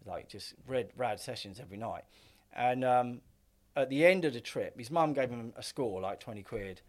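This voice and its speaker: A man's voice: mid-range voice, lively intonation, normal speed. Rambling, swearing middle-aged man. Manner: rambling, heavy filler use, swears freely. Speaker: podcast guest. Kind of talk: casual storytelling chat.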